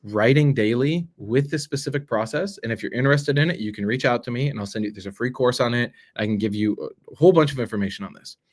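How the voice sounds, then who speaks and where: A man's voice: mid-range voice, fast talker, hardly any pauses. A man talking straight to the camera as a self-development coach, earnest and persuasive, often checking in with "right?". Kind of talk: direct-to-camera motivational talk.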